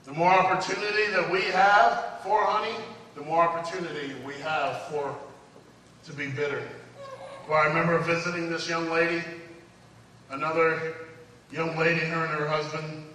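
Male preacher, bright tone, shifts between hushed and fervent, distant mic in a roomy hall. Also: fairly high pitch, level tone, moderate pace, pauses often, a little hiss or hum. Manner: swings from hushed storytelling to fervent exhortation. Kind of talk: sermon.

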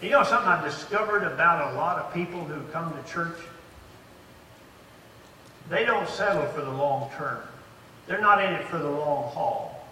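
A man's voice: fairly high pitch, normal speed, long pauses, bright, forceful tone, slight background noise. A man in his eighties preaching a sermon as a pastor, stressing points with rising emphasis and frequent restarts. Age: 80s. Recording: echoey hall, voice from far off.

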